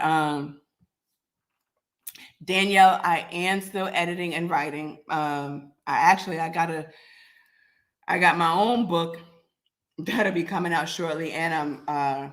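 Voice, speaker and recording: A raspy woman, getting over a cold, hosting a live podcast and talking bluntly to commenters by name. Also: lowish voice, a bit bright. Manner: blunt, confrontational, addresses chat by name. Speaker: podcast host. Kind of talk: live-stream talk to commenters.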